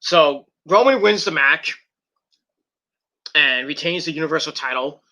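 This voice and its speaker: Bright, rambling man recapping wrestling. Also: fairly high pitch, expressive, measured pace. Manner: rambling, profane, with many fillers and restarts. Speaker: wrestling reviewer. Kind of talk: casual recap and commentary.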